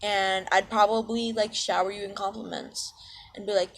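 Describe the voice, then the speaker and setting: A woman's voice: medium pitch, flat delivery, moderate pace, gravelly. A woman in a casual vlog, rambling and self-deprecating, full of ums and side-tracks, talking into a cheap headset mic. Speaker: channel owner.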